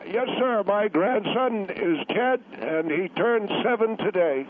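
A man's voice: high-pitched, lively intonation, takes it slowly, a little hiss or hum, pitched above the performer's own voice. A man voicing an elderly male caller, a retired plumber and war veteran, who speaks politely and hesitantly over a phone line. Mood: earnest.

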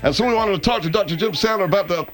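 A man voicing an excitable middle-aged radio host who talks in a sing-song, jokey way. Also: high voice, very fast, soft background music. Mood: hyped.

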